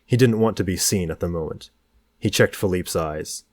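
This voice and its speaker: Male audiobook narrator: deep, measured, dry close recording. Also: no echo. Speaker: audiobook reader. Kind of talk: novel narration.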